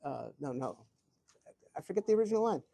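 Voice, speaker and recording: Brief: older male guest speaker, slightly high voice, dry close sound, animated chuckling anecdotes. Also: fast talker, creaky, no echo. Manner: animated, chuckling storyteller with frequent restarts. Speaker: guest speaker answering audience questions. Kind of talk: live Q&A anecdote telling. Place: event hall before an audience.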